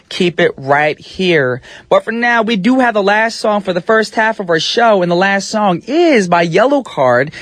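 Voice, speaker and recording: A man's voice: high voice, fairly bright tone, no echo. Upbeat, slangy male radio DJ. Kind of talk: radio show hosting. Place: radio studio. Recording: radio broadcast with faint music beds.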